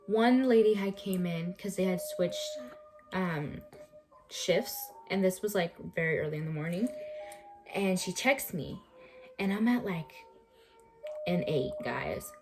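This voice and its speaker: A young woman in a home vlog, recounting a personal story in a chatty, emphatic way and repeating words for effect. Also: medium pitch. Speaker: vlogger.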